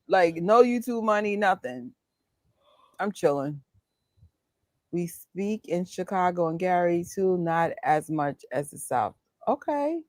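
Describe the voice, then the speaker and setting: A young woman from New chats casually as a co-host, her New plain in every line. She tells her stories with animated energy, laughs often and acts out the exchanges. Her voice is recorded close and dry, with no room sound. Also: medium pitch, no room sound. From New York. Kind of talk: casual chat.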